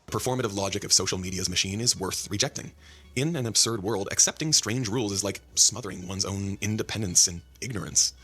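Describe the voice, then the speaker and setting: A man narrating a video essay in a measured, scripted delivery. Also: fairly low pitch, fairly bright tone, husky.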